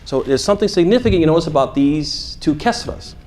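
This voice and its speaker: A male teacher leading a class in Quran recitation, energetic and asking questions for the students to answer aloud. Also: on the high side. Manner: energetic, quizzing the class with call-and-response; chants short Arabic phrases slowly for students to repeat. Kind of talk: interactive classroom lesson.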